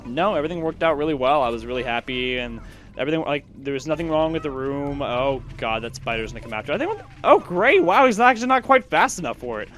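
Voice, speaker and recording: A man's voice: medium pitch, lively intonation, fast, fairly bright tone. An eighteen-year-old man giving casual let's-play commentary, rambling with lots of fillers and restarts. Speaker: gaming channel host.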